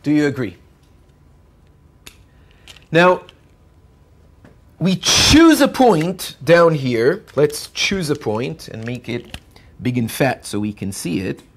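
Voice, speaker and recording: A male university lecturer working through a math lecture at an unhurried pace. His pitch rises and falls widely as he explains each step while drawing, and he keeps pausing to ask whether the class follows. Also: very animated. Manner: checks in with students often.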